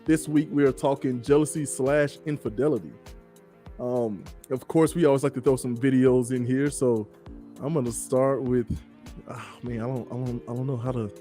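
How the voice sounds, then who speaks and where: Laid-back mellow-voiced male podcast host. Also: mid-range voice, steady tone, normal speed, faint music behind. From Southern US. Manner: laid-back, chatty, laughs easily. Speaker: show host. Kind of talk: casual podcast chat.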